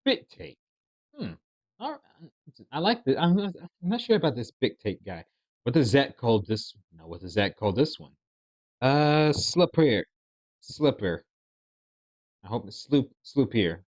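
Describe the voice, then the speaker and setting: A man's voice: medium pitch, sing-song, unhurried, pauses often, a little mellow, no echo. A man casually commenting on videos, rambling and hesitant with many restarts. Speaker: reaction video host. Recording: dry, dull lo-fi sound.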